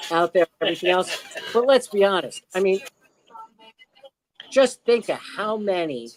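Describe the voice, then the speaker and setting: A man's voice: high voice, a little hiss or hum, poor audio. A middle-aged man from Maryland, a podcast guest telling stories in a rambling, casual way. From Maryland, USA. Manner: rambling, with many fillers and restarts. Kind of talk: casual storytelling chat.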